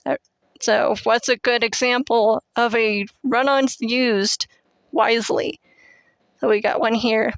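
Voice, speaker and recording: A woman's voice: a little high, steady tone, takes it slowly, smooth, dry recording. A woman in her twenties hosting a casual writing-tips video, rambling with many fillers and joking at herself, on a headset mic. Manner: rambling, filler-heavy, self-deprecating. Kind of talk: casual teaching monologue.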